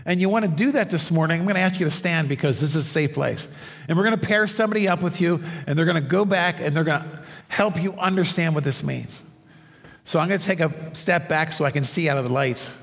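A male pastor preaching a conversational sermon in a church, telling stories and asides to the congregation. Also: fairly high pitch. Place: church sanctuary under stage lights. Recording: long hall reverb.

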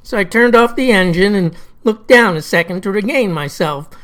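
A woman's voice: medium pitch, expressive, moderate pace, a bit bright. A woman tells a comic first-person story in a folksy, old-fashioned way. Her phrasing is drawling and down-home. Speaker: narrator.

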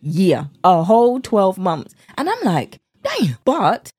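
A woman's voice: mid-range voice, big pitch swings, takes it slowly, a little mellow, slightly rough, no echo, studio quality. A woman in her late thirties with a British accent, hosting a podcast in a chatty, upbeat way and laughing often. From United Kingdom. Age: 30s. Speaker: podcast host and weight-loss coach. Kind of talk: scripted podcast intro and casual monologue.

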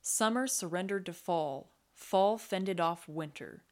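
A woman reads her own spooky tale in a lower voice, then chats about how she wrote it. She sounds enthusiastic and casual, her voice on the low side. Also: slow, a little mellow. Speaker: podcast storyteller and writer. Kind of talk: story narration and chatty afterword.

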